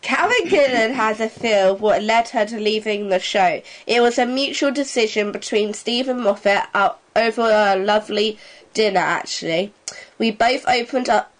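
A woman's voice: medium pitch, normal speed, low-quality recording. A woman with an Isle of Wight accent co-hosting a casual home podcast, chatty and reading news with stumbles. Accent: Isle of Wight English. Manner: chatty, interrupting, reads with stumbles. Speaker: podcast co-host.

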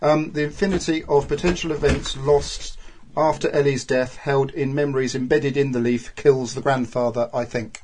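A man hosts a relaxed podcast chat over what sounds like an online call. He works through his episode notes in an average-pitched voice, trailing off into ums and chuckling along the way. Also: moderate pace, slight background noise. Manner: chatty and giggly, trails off with ums. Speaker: podcast host.

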